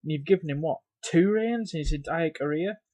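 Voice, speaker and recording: A frustrated man vents in a fed-up, cursing rant, sighing heavily as he goes. His voice sits a little high for a man. It is recorded close and dry, with almost no room sound. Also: fairly quick, no room sound. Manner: exasperated, sighing, profane; loud and emphatic at first, then grumbling and lower. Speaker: wrestling reviewer. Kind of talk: ranting video review.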